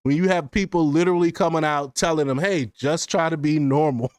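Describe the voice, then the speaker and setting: A man's voice: fairly high pitch, a little fast, smooth, dry recording. A man hosting a commentary show, reading news quotes aloud and breaking into laughing asides, sometimes stumbling over words. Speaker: political commentary host.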